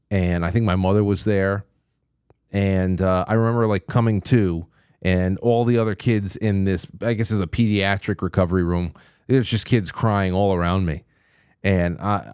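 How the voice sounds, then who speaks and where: A man's voice: fairly low pitch, a little mellow, clean tone, no room sound, clean studio sound. A man hosting a talk radio show, chatting loosely and jumping in with questions as he tells his own story. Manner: loose and conversational, interjecting.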